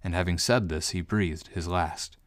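Man reading scripture, low voice, steady, very dry sound. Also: no room sound. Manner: measured, even narration. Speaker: scripture reader.

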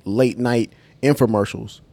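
A man's voice: medium pitch, steady tone, measured pace, vocal fry, a little mellow, no room sound. A man on a casual podcast speaking bluntly and indignantly in slangy, everyday talk. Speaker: podcast co-host.

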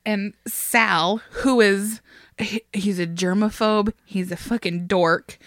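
A woman co-hosts a podcast, telling a story in relaxed conversation, laughing a lot and cursing freely. Her medium-pitched voice is steady and slow, recorded cleanly in a studio with no echo.

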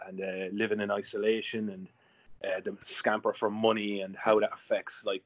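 A man's voice: lowish voice, dull audio. A man casually chatting about movies as a co-host, cracking jokes and swearing now and then. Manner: quick, joking, swears. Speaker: podcast co-host.

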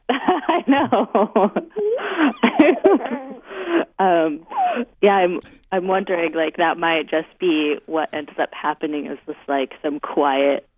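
A woman's voice: lowish voice, animated, slow pace, husky, no echo. A young woman caller chats casually, with lots of likes and ums and a giggle here and there. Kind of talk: casual phone call. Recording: tinny phone line.

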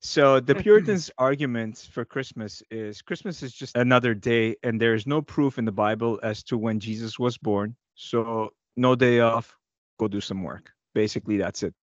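A man's voice: medium pitch, normal speed, no room sound. A man co-hosting a podcast in casual chat, explaining things with chuckles. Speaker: podcast co-host. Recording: dull lo-fi dry audio.

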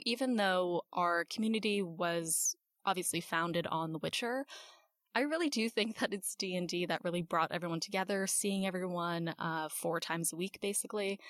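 A woman guest on a podcast, telling stories in relaxed casual chat with frequent fillers. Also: lowish voice, no room sound. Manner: relaxed storytelling with many fillers.

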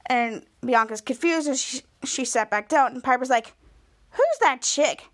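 A woman's voice: high-pitched, moderate pace, fairly bright tone. A woman podcast host casually recapping a TV episode, retelling each scene and raising her voice for the quoted lines.

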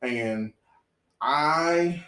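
A man in a casual podcast chat, making his points slowly and deliberately, like a preacher. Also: a little high, bright, forceful tone. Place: apartment room. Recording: echoey room.

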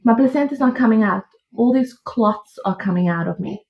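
Woman, young adult, high voice, animated storytelling, laughs often, muffled lo-fi sound. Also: normal speed, gravelly. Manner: animated, laughing, acts out her own past lines. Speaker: podcast guest. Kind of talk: casual birth story telling. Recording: dull lo-fi audio.

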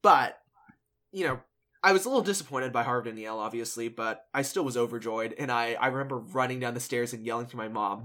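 A young man hosting a podcast, telling a story in an animated way and laughing often. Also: medium pitch, fairly quick. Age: young adult. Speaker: podcast host. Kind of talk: casual podcast chat.

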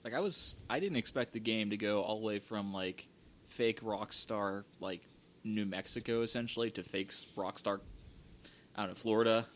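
Relaxed young man, rambling chat. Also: on the low side, normal speed, slight background noise. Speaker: podcast co-host. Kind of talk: casual chat about a video game.

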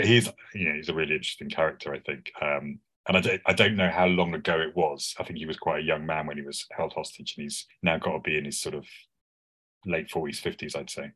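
Male podcast co-host, deep voice, chatty and enthusiastic. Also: sharp tone, husky. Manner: enthusiastic, rambling with restarts. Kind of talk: casual chat.

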